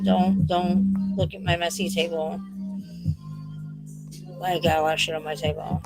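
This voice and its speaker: A woman's voice: fairly low pitch, normal speed, rough recording. A woman streamer in casual livestream chat at home, rambling and swearing heavily. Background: loud music playing.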